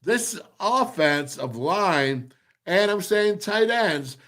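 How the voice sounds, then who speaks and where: A man hosting a football show, breaking down game film with excited, emphatic commentary and lots of repeated phrases. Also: sits high, takes it slowly. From former offensive lineman.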